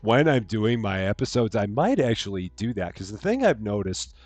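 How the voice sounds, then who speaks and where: A man casually chatting on a live game stream, reading chat aloud and greeting viewers while projecting a bit louder than normal from his room. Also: lowish voice, big pitch swings, moderate pace, no echo, faint music behind. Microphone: headphones on, desk mic.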